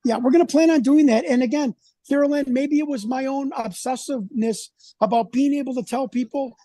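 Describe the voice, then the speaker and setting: Agitated man with a dark, dry voice. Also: extremely high pitch, a little fast, dry recording. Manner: agitated, rambling, indignant. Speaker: independent researcher, guest. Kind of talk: casual interview conversation.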